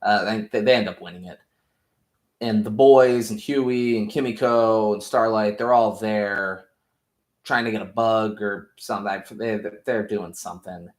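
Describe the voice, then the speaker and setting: Man, casual rambling recap, profane, jokey, lowish voice, echoey room. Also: steady tone, a little slow. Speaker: podcast host. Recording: roomy echo.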